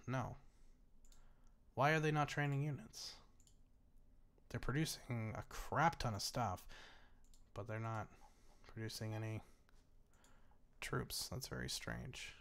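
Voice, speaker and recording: Gaming host: casual man, medium voice, bemused running commentary with frequent laughs and swearing. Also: mid-range voice. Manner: chatty, bemused, swears freely, laughs often. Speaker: gaming YouTuber. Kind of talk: casual let's-play commentary.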